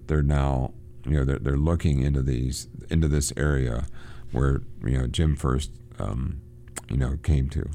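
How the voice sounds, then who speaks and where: Very deep, gravelly radio host. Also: male voice, mellow. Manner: halting, repeats words when explaining. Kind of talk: book discussion with read-aloud passages.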